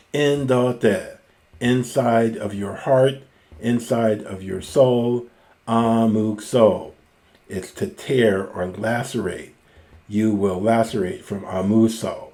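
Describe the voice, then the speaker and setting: A middle-aged man gives a methodical reading lesson, reading each line aloud before parsing it word by word. His voice sits fairly low and sounds mellow and relaxed. He talks at an unhurried, deliberate pace. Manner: slow, methodical, reads lines aloud then parses each word. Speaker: Greek teacher. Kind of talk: reading lesson on a classical text.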